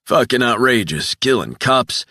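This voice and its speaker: Male narrator doing an emotional burly ex-cop, cursing, voice pushed up from a low base, bright and dry. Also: expressive, moderate pace, no room sound. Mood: heated. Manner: profane, heated, raised voice. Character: burly red-faced ex-cop man, emotional, angry.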